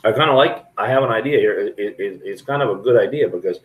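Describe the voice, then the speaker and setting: Talking quickly in a lowish voice, a middle-aged man streams live from a restaurant, chatting openly and wandering from topic to topic with his viewers. The recording quality is low.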